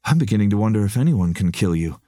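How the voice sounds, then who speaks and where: A male narrator voicing a tough, upbeat young woman fighter, speaking in a brisk, eager way with his voice lifted well above his own. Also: fairly low pitch, sing-song, mellow, no room sound, studio quality.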